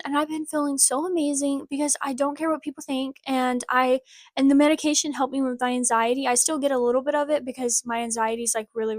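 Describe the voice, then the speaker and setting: A woman vlogger talks straight to her viewers in a casual, heartfelt update, her voice sitting a little on the high side. She rambles warmly and earnestly, sprinkling in "like" as she goes. The sound is close and dry, with no room around it. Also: dry recording. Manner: earnest and encouraging, rambling with many "like" fillers. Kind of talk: casual personal update to camera.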